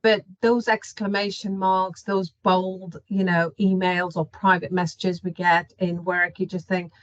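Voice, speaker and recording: A woman's voice: lowish voice, little pitch movement, unhurried, few pauses, no room sound. A woman on a panel video call who talks earnestly and voices her own inner reactions as she goes. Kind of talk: casual video-call discussion. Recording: dull lo-fi video-call audio.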